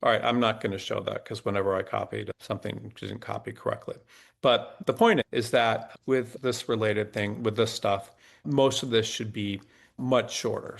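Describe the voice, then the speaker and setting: A man's voice: lowish voice, gravelly. A middle-aged man hosting a resume workshop webinar, thinking aloud and restarting often as he types prompts on screen. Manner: halting, restarts while typing prompts on screen.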